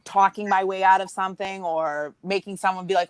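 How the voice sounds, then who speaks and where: A woman telling a story in casual chat, acting out what others said, in a lively storytelling way. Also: mid-range voice, fast, a crowd in the background, low-quality recording. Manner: animated storyteller, acts out quotes.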